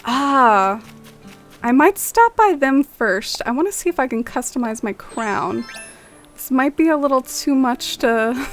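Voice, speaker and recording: Chatty streamer woman, higher voice. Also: expressive, a little slow, faint music behind. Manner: friendly, chats with viewers and muses aloud. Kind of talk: casual chat with viewers.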